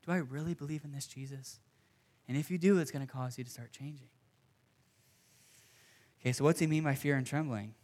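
A man's voice: medium pitch, a little fast, long pauses, a little mellow. A young man preaching a sermon to a congregation, earnest and conversational, with casual asides. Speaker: pastor.

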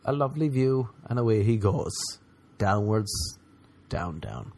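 In a comedic monologue, a man rants sarcastically and profanely, mocking people in high, squeaky put-on voices. He speaks at a normal speed with a dark tone.

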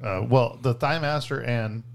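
A man's voice: mid-range voice, a little slow, creaky, over a noisy crowd. A man co-hosting a podcast, trading crude, casual banter, swearing freely and laughing often. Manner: profane, animated, laughs often. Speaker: podcast co-host.

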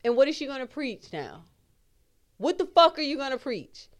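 A woman's voice: high-pitched, big pitch swings, moderate pace, a bit bright, no echo. A woman hosting a podcast in casual chat, ranting bluntly and emphatically with heavy swearing. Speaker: podcast host.

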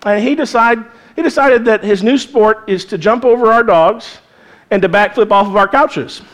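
A male pastor giving an earnest, conversational sermon in a church, mixing scripture with lively asides. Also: high-pitched, normal speed.

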